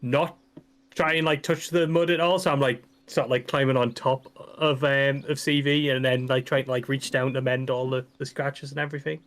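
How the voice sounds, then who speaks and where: A man's voice: medium pitch, little pitch movement, normal speed. A young man playing a tabletop game, grumbling and sardonic, muttering asides between his turns. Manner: grumbling, sardonic, breaks into a loud sing-song wake-up call. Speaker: player.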